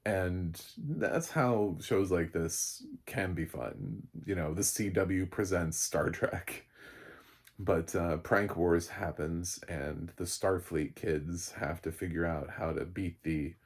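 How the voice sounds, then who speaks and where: Low-voiced male critic, husky, rambling and wry. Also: slow. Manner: rambling, sarcastic, trails off. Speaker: film critic. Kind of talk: casual comedic review monologue.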